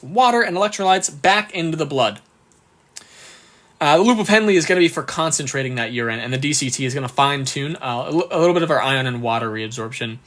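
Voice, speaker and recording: High-voiced upbeat male tutor. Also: fairly bright tone. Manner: upbeat, reads questions slowly, thanks viewers often. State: hiccuping. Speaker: exam prep tutor. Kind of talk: live-stream Q&A lesson.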